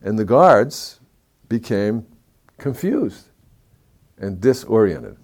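A man telling a story in a talk, moving between hushed, somber passages and lively, excited stretches. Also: lowish voice, takes it slowly.

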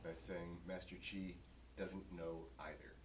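A man in the audience asking a question in a measured, hesitant way. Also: low voice, little pitch movement, slight background noise. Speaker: audience member.

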